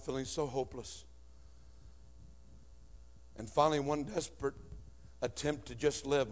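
A man preaching a sermon with personal testimony, swinging from shouting to hushed tones in front of a congregation. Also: medium pitch. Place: before a congregation.

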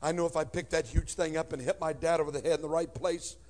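A man preaching a sermon with personal testimony, swinging from shouting to hushed tones in front of a congregation. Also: fairly high pitch, steady tone, fast. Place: before a congregation.

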